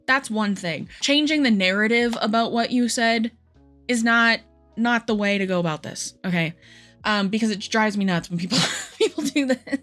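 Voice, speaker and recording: A woman's voice: on the high side, moderate pace, fairly bright tone, soft background music. Heated young woman commentator. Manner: heated, frustrated ranting. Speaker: commentary creator. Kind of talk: reaction commentary.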